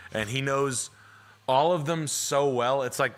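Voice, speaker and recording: A man's voice: mid-range voice, measured pace. A young man hosting a casual livestream, rambling and self-deprecating with crude jokes. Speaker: realtor and livestream host.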